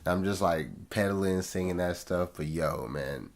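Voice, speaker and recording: Low-voiced guy reviewing an album, slangy and chill, some music playing faintly behind him. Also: a little slow, creaky, few pauses. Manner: slangy, laid-back, talks straight to viewers. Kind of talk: casual music review commentary.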